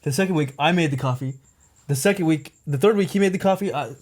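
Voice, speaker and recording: Fast-talking young man telling a story. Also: on the high side, a little mellow. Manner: rambling, packed with "like" and "right?". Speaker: podcast co-host. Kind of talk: casual storytelling chat.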